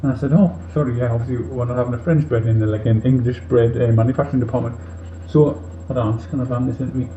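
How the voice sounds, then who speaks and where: A tipsy male robot leader rambles quickly and earnestly, drifting from one tangent to the next, as a man puts him on. His voice is very dark and heavy. The recording sounds muffled and roomy, with a faint hiss behind it. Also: medium pitch, fairly even intonation, lightly acted. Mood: tipsy rambling. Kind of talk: comic monologue in character.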